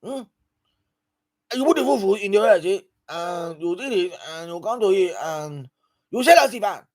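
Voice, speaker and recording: A man's voice: sits high, lively intonation, moderate pace, darkish tone, pitched above the performer's own voice. Brief: man playing a mock-stern scolding man, Lagos Nigerian accent, sing-song.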